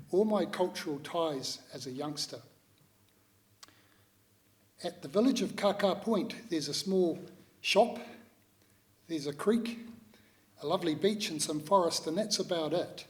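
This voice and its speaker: A man in his sixties with a New Zealand accent, giving a measured, reflective talk to an audience, pausing often. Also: on the high side. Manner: measured, reflective, with many pauses and hesitations. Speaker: speaker at a public talk.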